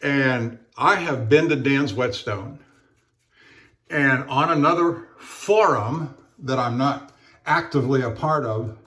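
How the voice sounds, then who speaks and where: A man talking casually while he shaves, in a halting, rambling way with many fillers and restarts. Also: medium pitch, fairly bright tone. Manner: rambling storyteller. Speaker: straight razor shaving vlogger. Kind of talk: casual talk while shaving.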